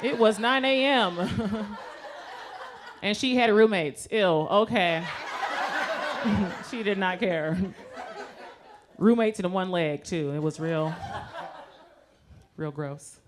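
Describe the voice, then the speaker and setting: A woman's voice: mid-range voice, slow, long pauses. A woman doing a stand-up comedy set with a brash, profane, conversational delivery. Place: comedy club stage with live audience. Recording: audience laughter and noise.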